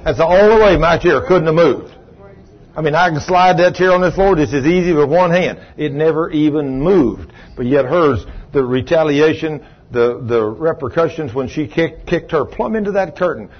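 Pastor, man, husky higher voice, storytelling sermon with big swings in loudness, muffled sound. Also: moderate pace. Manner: swings from low quiet telling to loud raised retelling. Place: church sanctuary.

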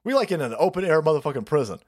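An older man hosting a profane political livestream, ranting and mocking, dropping to low mutters between bursts of laughter. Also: very animated, very fast. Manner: foul-mouthed, swings from loud mockery to low mutters, laughs often. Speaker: political commentary streamer.

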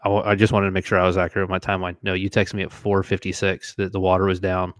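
A man co-hosting a casual podcast, telling a fishing story with lively acted-out quotes. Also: low voice, racing, no room sound, clean studio sound. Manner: animated storyteller, acts out quotes. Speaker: podcast co-host.

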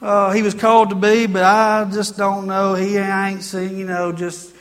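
A man's voice: high-pitched, level tone, a little slow, long reverb tail. A man voicing a gloomy, complaining middle-aged wife who grumbles about her husband, in a sermon. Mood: glum grumbling. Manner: grumbling, self-pitying.

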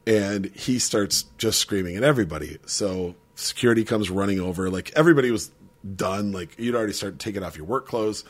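A man telling a story in casual podcast chat, animated and profane, laughing often. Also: fairly low pitch, brisk.

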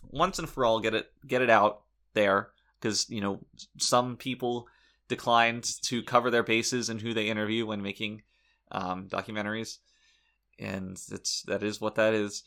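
Gravelly guy on a comedy podcast, bright edgy tone, mock-outraged and cussing. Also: on the low side, little pitch movement, normal speed. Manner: mock-indignant, swears freely. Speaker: podcast co-host. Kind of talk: comedic in-character podcast chat.

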